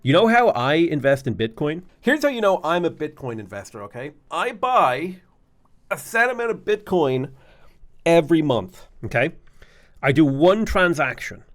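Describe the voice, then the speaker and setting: A man rambles and rants through his strategy gameplay, swearing often. His pitch swings widely as he talks. The sound is dry and close. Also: very animated, normal speed, no echo. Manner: rambling, ranting, profane. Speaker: gaming video host. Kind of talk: casual gameplay commentary.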